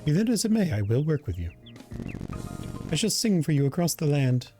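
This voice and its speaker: A man's voice: on the high side, sing-song, moderate pace, over music, voice pushed up. A man voicing a pompous chicken singer who thinks herself a star, talking in a haughty, grandiose way. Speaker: voicing a game character.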